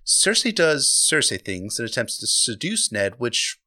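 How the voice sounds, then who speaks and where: A man's voice: medium pitch, very animated, unhurried, bright, forceful tone. A man hosting a podcast, recapping a book chapter in a casual, profane, enthusiastic way. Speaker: podcast host.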